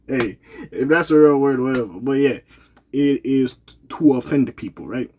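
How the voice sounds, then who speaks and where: A man's voice: mid-range voice, normal speed, a little mellow, a little hiss or hum. A man giving casual, rambling vlog commentary, loose and slangy, laughing and correcting himself, tired and yawning. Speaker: commentary vlogger.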